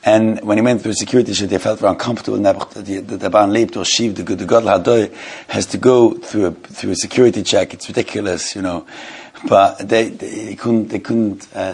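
Male teacher, husky voice, halting and repetitive delivery, informal religious lesson. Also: fairly low pitch, fairly even intonation, darkish tone. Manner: halting and repetitive, often restarts phrases; mixes Hebrew and Yiddish terms into English. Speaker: Torah class teacher.

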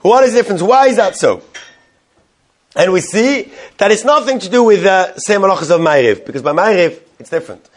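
High-voiced man teaching a halacha class. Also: animated, moderate pace. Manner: translates Hebrew terms into English as he teaches, asks questions to the class. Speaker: Torah teacher. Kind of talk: Talmudic-style halacha class.

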